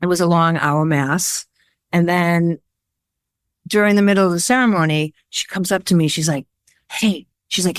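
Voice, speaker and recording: A woman photographer being interviewed, talking in a rambling, animated storytelling way with lots of fillers. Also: fairly low pitch, normal speed, smooth, no room sound, clean studio sound. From Worcester, Massachusetts area. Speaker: guest, photographer. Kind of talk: casual interview chat.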